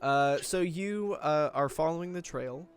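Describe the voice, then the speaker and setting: A man running a tabletop game as game master, narrating in a relaxed way full of fillers. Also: on the high side, unhurried, clear, resonant tone, soft background music.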